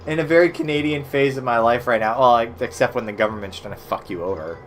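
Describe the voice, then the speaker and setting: An American man casually commenting while playing old browser games for his stream chat, swearing and reacting loudly as he plays. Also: mid-range voice, fast talker, soft background music. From United States.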